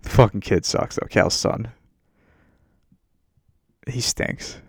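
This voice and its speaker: A man's voice: on the low side, slow, vocal fry, dry recording, clean studio sound. A man hosting a casual podcast, ranting about a movie in a crude, rambling and self-mocking way. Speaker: podcast host. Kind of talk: casual profane movie rant. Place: home setup while on a muted work meeting.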